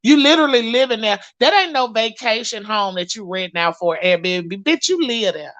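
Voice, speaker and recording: A sassy woman with dishes gossip to her viewers, profane and animated. Her voice is bright and forceful, sitting a little high, and it comes across dry and close with no room sound. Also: normal speed, no room sound, dull audio. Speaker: gossip vlogger. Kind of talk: casual commentary to viewers.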